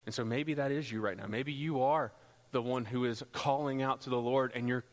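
A man preaching a sermon as pastor, rising into loud, impassioned passages. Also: steady tone, normal speed. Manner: builds to loud, high-pitched pleading passages. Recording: long hall reverb.

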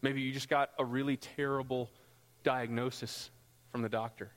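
A man preaching a sermon as pastor, rising into loud, impassioned passages. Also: little pitch movement, normal speed. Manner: builds to loud, high-pitched pleading passages. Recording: long hall reverb.

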